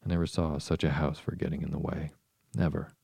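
A man voicing a curious, polite little girl in a soft bedtime reading. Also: very deep voice, flat delivery, brisk, vocal fry, slightly rough, dry recording, heavily acted. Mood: wondering.

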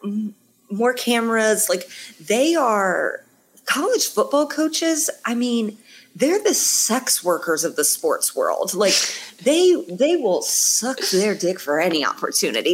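A woman from Indiana, a comedian co-hosting a casual sports podcast, candid and animated with frequent laughter. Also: medium pitch, moderate pace. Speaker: comedian and co-host.

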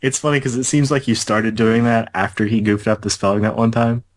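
A man's voice: on the low side, level tone, a little fast, no room sound. A man in his early twenties, a podcast guest, chatting in a dry, sarcastic, indifferent way. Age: 20s. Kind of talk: casual gaming podcast chat.

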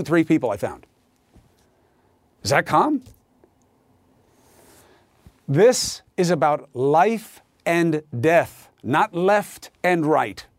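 A man's voice: fairly high pitch, dry recording, studio quality. A man hosting a news show, delivering a heated, sarcastic opinion monologue.

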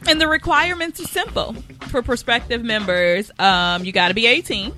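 A woman's voice: fairly high pitch, normal speed, over music. A woman co-hosting a podcast, recapping a news story in sarcastic, profane casual banter.

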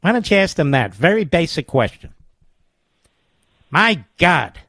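A man's voice: very animated, unhurried, a bit bright, no room sound. Combative talk radio host, man. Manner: combative, emphatic, swings to high exclamations.

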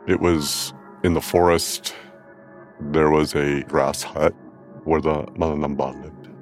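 A tattoo practitioner telling a personal story in a calm, measured way. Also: male voice, extremely low pitch.

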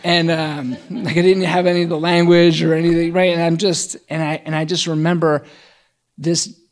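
Man, middle-aged, gravelly, chatty storyteller, lots of fillers, self-deprecating humor. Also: on the high side, little pitch movement, normal speed. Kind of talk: casual conversational storytelling.

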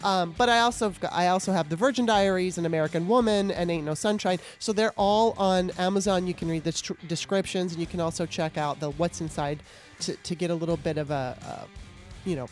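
A woman's voice: on the low side, fairly quick, darkish tone, faint music behind. A woman podcast host and author, wrapping up an interview and talking to her listeners in a chatty, earnest way. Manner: chatty, earnest, laughs often. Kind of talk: casual interview and solo wrap-up.

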